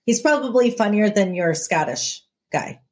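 A woman's voice: medium pitch, expressive, normal speed, a little mellow. A woman co-hosting a casual chat, playful and jokey, often laughing at her own lines. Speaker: podcast co-host.

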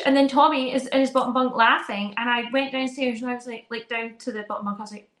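A woman in her thirties chatting casually as a podcast co-host, telling animated stories and acting out her kids' voices. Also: on the high side, a little fast, echoey room. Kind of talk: casual chat.

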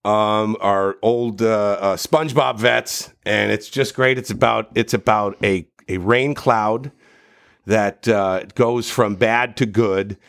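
A middle-aged man telling stories in a casual podcast chat, rambling and profane, with animated bursts. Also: fairly low pitch, slow, gravelly. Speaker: voice actor guest.

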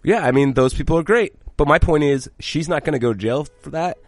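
A man's voice: fairly high pitch, fairly quick, no echo. A man co-hosting a casual podcast, blunt and swearing freely, rambling with frequent restarts. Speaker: podcast co-host. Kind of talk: casual chat.

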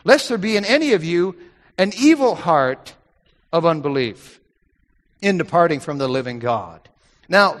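A man's voice: on the high side, a bit bright. Male preacher, emphatic sermon delivery, repeats key lines, reverberant hall sound. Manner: emphatic, repeats key phrases, quotes scripture in old wording.

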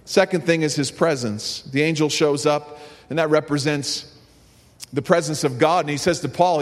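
In a church sanctuary ringing with long hall reverb, a man delivers a sermon at a normal speed in a fairly high voice. He starts with a story before rising into fervent emphasis.

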